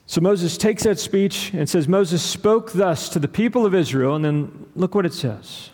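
A man preaching a sermon, rhythmic and building to loud, emphatic peaks. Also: high voice, unhurried. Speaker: pastor. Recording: long hall reverb.

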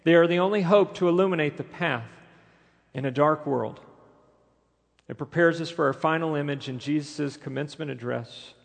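A man's voice: fairly high pitch, moderate pace, gravelly. A man preaching a sermon as pastor, emphatic and full of rhetorical questions, recorded in a church sanctuary. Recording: long reverb of a large hall.

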